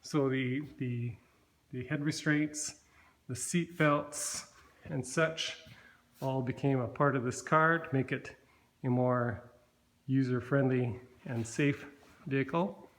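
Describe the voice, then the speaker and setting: A man slowly walking through the work he did on his car, talking with many pauses and fillers. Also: medium pitch, steady tone, a bit bright, poor audio. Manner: slow, halting, many fillers and restarts. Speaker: car builder showing his car. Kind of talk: casual walkaround explanation.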